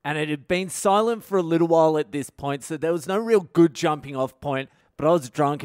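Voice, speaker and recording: Brief: male comic, sweary self-mocking storyteller, smooth clear voice, slightly high, dry sound. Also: fairly quick, few pauses, a little mellow, no echo. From Australia. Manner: profane, self-deprecating storytelling. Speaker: comedian and podcast host. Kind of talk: comedic storytelling podcast monologue.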